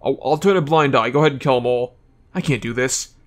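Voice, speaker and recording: A man's voice: mid-range voice, fast talker, lightly acted. A man reading game lines as a bitter, dismissive male villain scientist. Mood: scornful. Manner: dismissive, curt.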